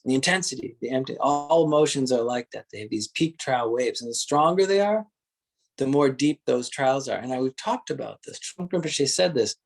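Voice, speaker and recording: Gentle man guiding a meditation. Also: medium pitch. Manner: slow, gentle, searching phrasing with frequent laughter. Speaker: meditation teacher. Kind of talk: guided meditation instruction.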